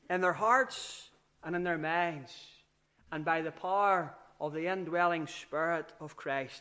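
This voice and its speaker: Male preacher, high voice, unhurried emphatic delivery, repeats key phrases for stress. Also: fairly bright tone. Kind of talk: sermon.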